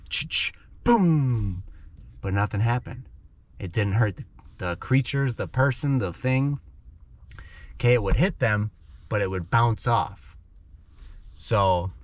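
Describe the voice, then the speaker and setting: A man teaching English to learners by telling a dramatic story in simple words, often checking in with "okay?". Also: on the low side.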